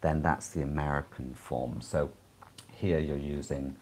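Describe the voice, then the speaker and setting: Male English tutor, very low and unhurried, steady explanatory delivery for a live-streamed lesson. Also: slight background noise. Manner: explanatory, measured, frequent "uh" pauses. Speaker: English exam teacher.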